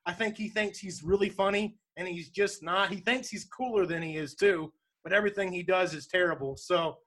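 A man co-hosting a casual talk show, retelling a sitcom in a rambling, animated way with bursts of laughter. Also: high voice, a little fast. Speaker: podcast co-host. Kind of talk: casual chat.

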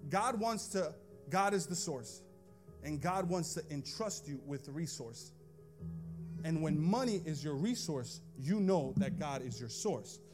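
High-voiced preacher with faint music behind. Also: male voice, expressive, unhurried. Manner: preaching with rising intensity, sing-song shouted cadences; conversational asides to the congregation. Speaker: pastor. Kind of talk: sermon. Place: church.

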